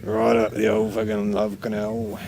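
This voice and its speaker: A young man with a low, gravelly voice drawls through a crude, rambling comedy rant, tagging his lines with "mate" and "eh". He talks slowly and loosely, recorded outdoors at a festival with loud noise all around. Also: monotone. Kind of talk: improvised in-character comedy rant.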